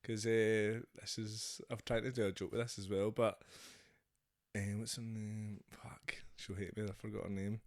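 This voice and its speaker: A man's voice: fairly low pitch, little pitch movement, normal speed. Laid-back Scottish man, swearing. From Scotland. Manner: swearing, laughing, mumbly. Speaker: guest comedian. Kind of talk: casual podcast chat.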